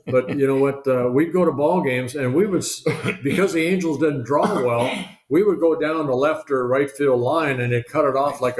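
An older man, a retired pitcher, telling chatty, rambling stories in a podcast interview, full of fillers and restarts. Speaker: guest, retired baseball pitcher. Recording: roomy echo.

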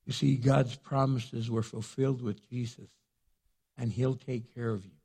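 A middle-aged man, a pastor, preaching a sermon in a husky voice, earnest and conversational, acting out prayers in between. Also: on the high side, steady tone, normal speed, dark tone. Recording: long hall reverb.

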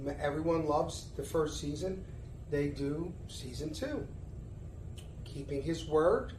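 A middle-aged man with a Philadelphia accent, telling stories as a guest in a relaxed interview. He pitches his voice a little high and slips into the voices of the people in his tales. The room is echoey, with a faint hiss of noise behind him. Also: slow pace. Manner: animated storyteller who acts out dialogue. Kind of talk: casual storytelling interview. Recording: roomy echo, faint background noise.

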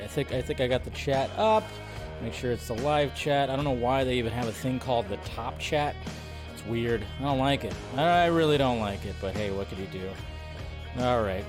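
Male stream host, casual and chatty, greets chat, faint music under him. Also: mid-range voice. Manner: chatty, greets viewers and reads chat aloud; talks to himself while fixing his setup. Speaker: livestream host.

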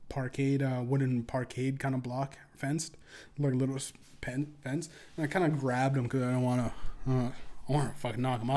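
A man hosting a podcast, telling a profane story casually and acting out other people's lines in a higher voice. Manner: profane, animated, acts out quotes in a higher voice. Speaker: podcast host.

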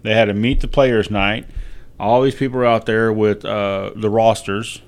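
A man's voice: lowish voice, little pitch movement, normal speed. A middle-aged Texan man with a Southern accent, co-hosting a casual family podcast chat and telling laid-back anecdotes. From Texas. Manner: laid-back storyteller, chuckles through anecdotes. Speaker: podcast co-host.

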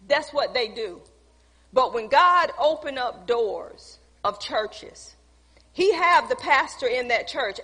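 A woman's voice: sits high, fairly bright tone, slightly rough. A woman pastor preaching a sermon, telling a personal story and acting out conversations with emphasis. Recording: long hall reverb.

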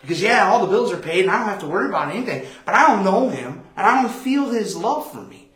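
Animated, higher-voiced pastor in an echoey room. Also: male voice, fast talker. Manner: conversational, animated storytelling with quoted voices. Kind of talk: Bible study sermon.

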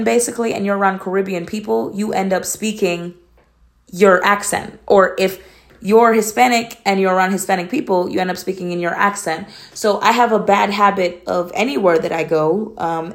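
A young woman from Atlanta hosting a casual solo podcast, talking in a blunt, candid, matter-of-fact way. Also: mid-range voice. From Atlanta, USA. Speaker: podcast host.

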